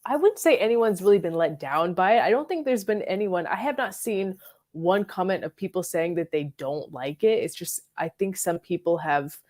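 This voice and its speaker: A woman with a slightly low voice hosts a relaxed fragrance livestream. She chats loosely, greets viewers from the live chat and talks about perfumes in an easy, rambling way, full of little fillers. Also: moderate pace. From Florida. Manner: chatty, reads and answers live chat, frequent likes and ums.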